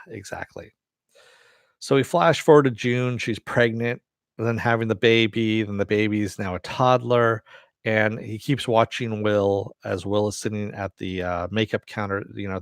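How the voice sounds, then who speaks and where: A man's voice: lowish voice, no room sound, clean studio sound. A man casually recapping a TV episode, rambling along with frequent fillers. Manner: rambling retelling with many fillers. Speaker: TV episode reviewer.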